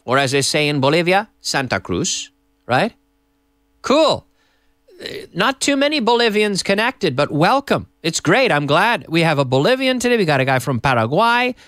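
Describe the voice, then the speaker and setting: A man's voice: high voice, big pitch swings, normal speed, fairly bright tone, no echo. A man hosting a live-stream English lesson, chatting casually and reading out viewer messages from a TV studio. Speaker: English teacher and host.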